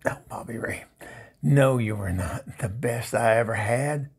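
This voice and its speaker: A man playing a gravelly sassy divorcée. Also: mid-range voice, unhurried. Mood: exasperated. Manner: exasperated, sassy put-downs, flustered stammering. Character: sassy Southern divorced woman, much-married, sharp-tongued. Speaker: comedy show regular. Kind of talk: comedic phone-call monologue.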